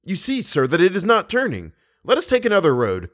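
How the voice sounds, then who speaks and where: An anxious young nobleman pushes his words out with urgency, pitched well above an ordinary speaking voice, as a male audiobook reader acts him out. He sounds impatient and pleading, a storybook hero short on patience. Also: animated, moderate pace. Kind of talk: audiobook character reading.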